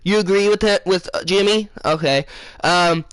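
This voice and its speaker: Chatty rambling man, slightly high voice. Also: normal speed, fairly bright tone, clean tone, dry recording. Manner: rambling, loses his place, many fillers. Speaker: gaming channel host. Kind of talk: casual dream storytelling to live viewers.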